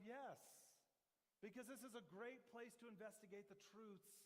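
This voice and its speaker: A man's voice: sits high, fast, in a large hall. A man preaching a sermon as pastor, in a conversational, joking storytelling manner. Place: church sanctuary.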